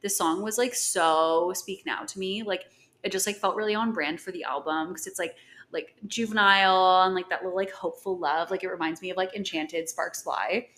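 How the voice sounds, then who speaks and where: A woman's voice: lowish voice, steady tone, moderate pace, fairly bright tone. Young woman, podcast co-host, easygoing, casual chat. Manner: easygoing, heavy use of "like".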